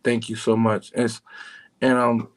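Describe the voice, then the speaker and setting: A middle-aged man with a New York accent, calm and smooth, talking as a guest on a casual radio show from his home. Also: mid-range voice, a little slow, poor audio. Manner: calm, smooth, laid-back. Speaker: guest singer and producer.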